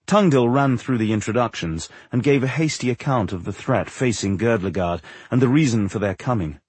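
A man with a husky voice narrating a fantasy audiobook in a measured, steady way. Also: on the low side, no echo.

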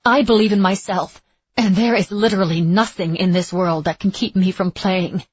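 A proud, wounded young woman violinist, as a woman reader puts her on, speaking higher and louder than the narration with a husky, breathy edge. The storybook recording is dry and a little dull. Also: steady tone, moderate pace, no room sound, lightly acted. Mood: defiant. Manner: raised, pleading and defiant.

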